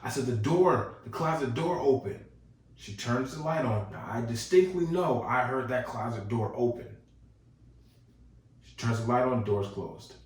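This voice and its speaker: A man hosting a podcast, telling a ghost story in a casual, animated way and chuckling as he goes. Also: mid-range voice, moderate pace. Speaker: podcast host. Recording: echoey room, distant mic.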